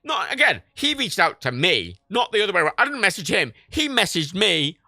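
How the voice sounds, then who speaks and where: Animated man with a gravelly voice. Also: sits high, a little fast, no echo, clean studio sound. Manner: animated storytelling, swears a lot, laughs often. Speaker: livestream host. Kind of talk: casual livestream chat.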